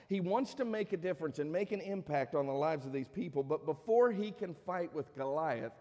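A man's voice: medium pitch, warm tone. A male pastor preaching a sermon, often putting rhetorical questions to his congregation. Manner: preachy, asks the crowd many rhetorical questions. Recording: long hall reverb.

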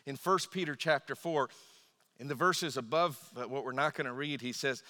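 A male pastor delivers an emphatic sermon, acting out little voices as he goes. His tone is bright and forceful, lifting and falling with his points. The sound rings with the long reverb of a church hall. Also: mid-range voice, normal speed. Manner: emphatic preaching, voice rising and dropping, acts out quoted voices.

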